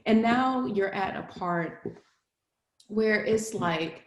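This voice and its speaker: A woman speaking as a podcast guest in casual interview chat, lively and chatty, laughing often and filling her speech with "like". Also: mid-range voice, slow pace. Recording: roomy echo.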